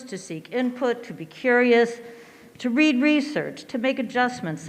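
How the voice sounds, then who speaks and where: A middle-aged woman, an educator, reading a measured and earnest prepared statement at a school board meeting. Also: medium pitch. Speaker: educator giving public comment. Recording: hall reverb.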